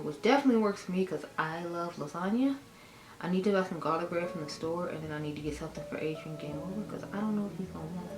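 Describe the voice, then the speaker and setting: A woman rambles casually through a makeup tutorial, calling her viewers y'all. Her voice sits a little low. She is recorded in an echoey room at home, with music clearly audible behind her. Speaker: beauty vlogger.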